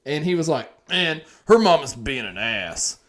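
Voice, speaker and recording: A man casually telling a wild story on a podcast, animated and profane, his voice swinging from loud to quiet. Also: fairly high pitch, measured pace.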